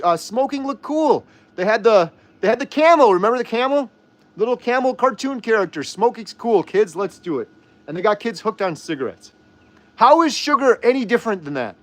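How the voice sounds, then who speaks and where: A man hosting a livestream, arguing heatedly and firing off rhetorical questions while reading viewer comments. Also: high voice. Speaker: host. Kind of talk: livestream chat and rant.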